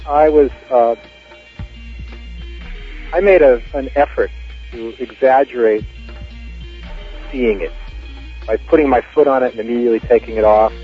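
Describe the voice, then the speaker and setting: A man talking in a relaxed, thoughtful way as an interview guest. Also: mid-range voice, moderate pace, long pauses, highs cut off, soft background music. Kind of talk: casual interview.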